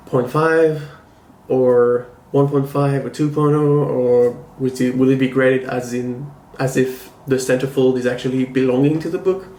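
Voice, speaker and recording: A man talks slowly and evenly, with little rise or fall in his middle-pitched voice. His manner is measured and critical as he gives a casual video review. The room around him sounds echoey, with a faint hum of ambience. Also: fairly even intonation, dark tone. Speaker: comic book collector and channel host. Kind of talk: casual review vlog talking to camera. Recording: roomy echo, faint ambience.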